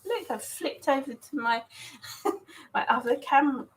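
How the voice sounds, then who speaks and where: A woman's voice: high voice, animated, a little slow, low-quality recording. A woman chatting casually with viewers on a live stream while setting up to paint, talking in a scattered way, greeting people by name and laughing often. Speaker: artist hosting a live stream.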